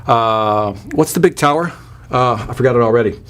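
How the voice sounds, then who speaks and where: A sales trainer hosting a live sales webinar talks at normal speed with a medium pitch. He's emphatic and energetic, uses punchy repetition, and reads out viewer comments along the way.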